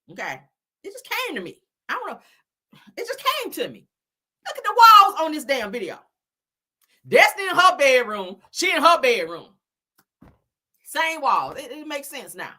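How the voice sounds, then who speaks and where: A woman hosting a casual live commentary stream, loud and laughing, swearing and throwing in dramatic exclamations. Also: on the high side. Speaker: commentary livestream host.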